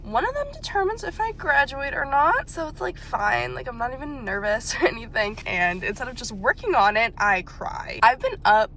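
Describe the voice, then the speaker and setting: A woman's voice: a little high, very animated, normal speed, few pauses, pushed and bright, slight background noise. A woman in her twenties, a graduate student, chatting casually to camera in a diary vlog, tired and stressed, self-mocking and a bit dramatic.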